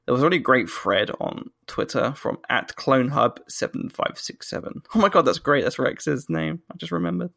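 A man co-hosting a podcast in casual chat, animated and ranting quickly with bursts of laughter. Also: mid-range voice, vocal fry. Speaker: podcast co-host.

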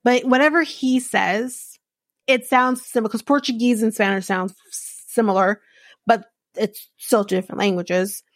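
A woman's voice: a little high, steady tone, moderate pace, no room sound, clean studio sound. A woman hosting a podcast, recapping a reality show in a chatty, rambling way with many restarts. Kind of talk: casual chat recap.

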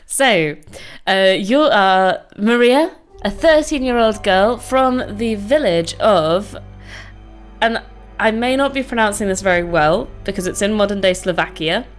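A woman's voice: medium pitch, expressive, unhurried, soft background music. Giggly woman hosting a podcast. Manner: giggly, storytelling. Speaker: podcast co-host. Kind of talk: casual comedic podcast chat.

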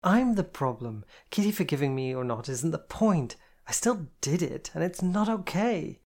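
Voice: medium pitch, a little fast, creaky, a little mellow. A reader playing a guilt-ridden young woman who stammers and swears bluntly. It is an audiobook character voice, close to the reader's own. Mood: distraught.

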